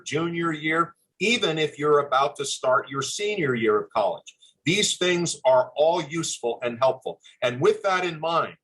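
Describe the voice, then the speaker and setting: Older man, webinar presenter, earnest, measured, courteous, video call. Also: fairly high pitch, fairly bright tone, breathy edge, rough recording. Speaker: webinar presenter, former admissions dean.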